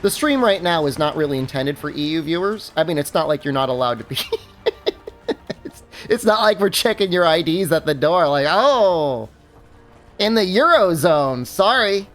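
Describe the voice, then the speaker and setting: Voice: medium pitch, lively intonation, fairly quick. A game streamer chatting casually while playing, rambling with many fillers and restarts and laughing at their own stories. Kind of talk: casual livestream chat while gaming.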